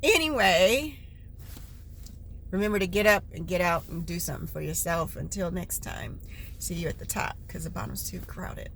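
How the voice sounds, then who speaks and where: A woman talking through a personal, reflective vlog, emotional, soft-spoken and halting. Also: lowish voice, gravelly. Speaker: vlogger. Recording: loud car noise behind.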